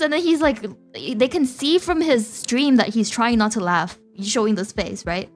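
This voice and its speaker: A woman's voice: a little high, normal speed, few pauses, soft background music. A young woman VTuber streamer chatting casually with her viewers, giggly and talkative, often laughing between phrases.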